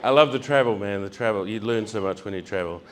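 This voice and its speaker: A man's voice: on the low side, fast, a faint crowd, a little hiss or hum. A heavyset man doing stand-up comedy, telling travel stories, acting out voices and laughing along.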